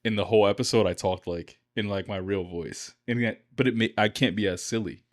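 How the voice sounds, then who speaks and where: A man co-hosting a podcast, chatting casually in a flat, low-key, monotone way. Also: brisk. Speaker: podcast co-host. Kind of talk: casual chat.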